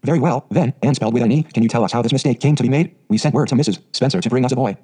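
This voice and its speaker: Stern, sharp-tongued middle-aged farm woman, played by a male reader. Clipped lines, mellow husky tone. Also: mid-range voice, rapid-fire, close to an everyday voice. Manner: curt, sharp, matter-of-fact.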